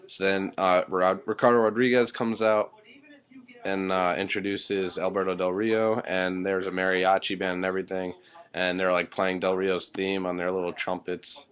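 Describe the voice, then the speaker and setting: A man's voice: low voice, flat delivery, moderate pace, a bit bright. A man giving a casual spoken recap of a wrestling show, rambling with lots of fillers and blunt swearing.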